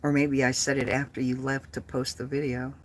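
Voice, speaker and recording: A woman's voice: extremely low pitch, flat delivery, fairly quick. A woman in her late fifties chatting bluntly and profanely with livestream viewers. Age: 50s. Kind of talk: casual livestream chat.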